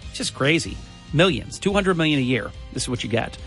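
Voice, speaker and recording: A man's voice: on the high side, sing-song, fairly quick, a bit bright, faint music behind. A man hosting a morning talk radio show, talking in an emphatic, chatty way.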